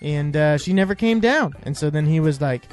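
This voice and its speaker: Man, somewhat high voice, casual rambling chat, jokey, faint music underneath. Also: expressive, moderate pace. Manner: rambling, joking, many fillers and restarts. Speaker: podcast host.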